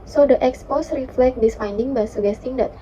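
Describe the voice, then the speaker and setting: A young woman, a student reading her class presentation carefully, with halting restarts and fillers. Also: sits high, mellow. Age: young adult. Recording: dull lo-fi sound with faint noise.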